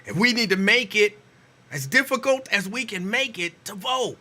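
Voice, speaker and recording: A man's voice: high voice, animated, moderate pace, bright, forceful tone. A man hosting a talk show, speaking conversationally and with emphasis. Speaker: radio show host. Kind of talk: casual talk radio.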